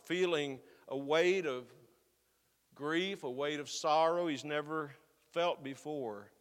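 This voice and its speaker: Male pastor, fairly high voice, earnest sermon, slows for emphasis, church hall reverb. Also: a bit bright, clear, resonant tone. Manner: earnest, building to slow emphatic stresses.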